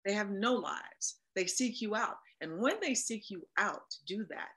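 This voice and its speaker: Forceful animated woman in an interview. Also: mid-range voice, moderate pace, low-quality recording. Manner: animated and emphatic. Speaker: guest, voice actor and producer. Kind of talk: casual interview chat.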